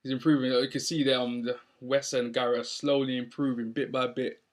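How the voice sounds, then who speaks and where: A man's voice: mid-range voice, flat delivery, a little fast. A young man recapping a wrestling show in a casual, rambling way with lots of ums. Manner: rambling, many ums and restarts.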